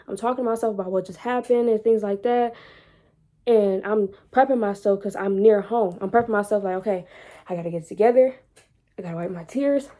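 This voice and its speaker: A woman's voice: medium pitch, dark tone. A young adult woman vlogging, telling a personal story in an informal, candid way and repeating phrases for emphasis.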